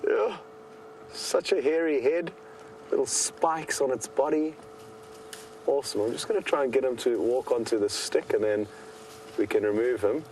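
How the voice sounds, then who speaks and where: A man giving live commentary as a safari guide from a vehicle in the bush. He sounds calm, chatty and enthusiastic. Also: medium pitch, normal speed, long pauses, slight background noise.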